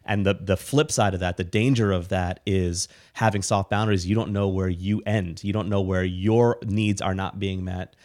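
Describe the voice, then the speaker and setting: A man's voice: low voice, fairly even intonation, normal speed, hardly any pauses, a little mellow. A man co-hosting a podcast, explaining ideas in a matter-of-fact, casual way. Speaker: podcast co-host. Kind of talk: casual chat.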